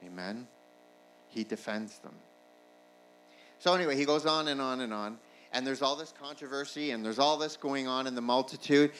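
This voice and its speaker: Man preaching, rising to shouts. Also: medium pitch, moderate pace, faint music behind, poor audio. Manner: preaching with rising shouts and call-and-response "Amen?". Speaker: pastor. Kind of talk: sermon.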